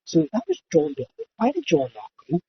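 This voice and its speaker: A man's voice: a little high, fairly quick. A young man hosting a podcast, telling a story in casual chat, swearing often and acting out quotes. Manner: swearing, animated, acts out quotes. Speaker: podcast host. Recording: muffled lo-fi audio with faint noise.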